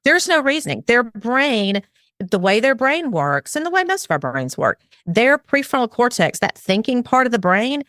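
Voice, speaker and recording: A woman's voice: fairly high pitch, very animated, normal speed, a bit bright, dry recording, studio quality. A middle-aged woman, a parenting expert, talks earnestly in an interview and explains her advice, acting out what a parent might say. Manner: earnest and explanatory, acts out parent and child lines.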